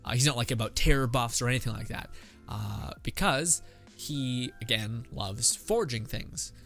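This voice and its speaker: Guy on a podcast brainstorming a story, lots of um and like, swears a bit, soft music behind. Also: mid-range voice, normal speed, gravelly. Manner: rambling, thinking aloud with many fillers and profanity. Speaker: podcast host. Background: faint background music.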